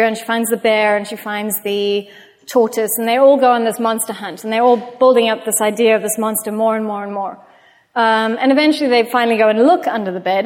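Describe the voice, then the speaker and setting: A woman giving a public talk, telling chatty, self-mocking anecdotes to an audience. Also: a little high. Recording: long hall reverb.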